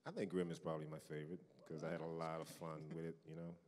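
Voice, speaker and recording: A man who is a voice actor, talking about his favorite role on a convention panel in a relaxed, easygoing way. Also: very deep voice, rapid-fire, big-room sound. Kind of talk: casual panel answers. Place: large convention hall.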